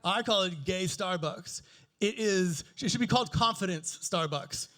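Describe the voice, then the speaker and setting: A man in his forties with a notably high speaking voice performs stand-up. His delivery is crude, playful and self-mocking, and he riffs directly with the crowd. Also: unhurried, bright, forceful tone. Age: 40s. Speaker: stand-up comedian. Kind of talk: stand-up comedy set.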